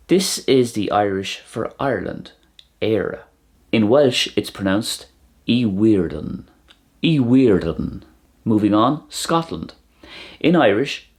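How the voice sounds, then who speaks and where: A man with a fairly low voice gives a recorded language lesson at a very unhurried pace. He says each word twice, clearly and deliberately, so listeners can hear how it is pronounced. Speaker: language teacher.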